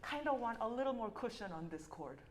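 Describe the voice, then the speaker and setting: A woman's voice: fairly high pitch, animated, a little fast. A young adult woman coaching a piano student in a masterclass, encouraging and singing out rhythms with syllables. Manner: encouraging, sings out rhythms with syllables, restarts phrases. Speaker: piano teacher leading a masterclass. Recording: long hall reverb with piano.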